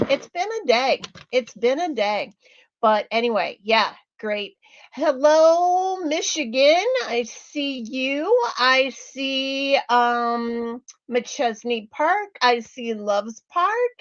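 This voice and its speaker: A woman hosting a casual livestream, chatting and greeting viewers one by one with lots of ums. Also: a little high. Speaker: livestream host. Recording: dull lo-fi livestream audio.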